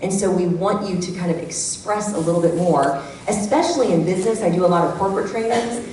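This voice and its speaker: A middle-aged woman giving a lively workshop talk to a live audience, acting out the voices she quotes. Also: on the low side, a little fast. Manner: animated, acts out quoted voices. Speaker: workshop speaker. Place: church hall. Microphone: handheld microphone. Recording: echoey hall from far off, faint background hum.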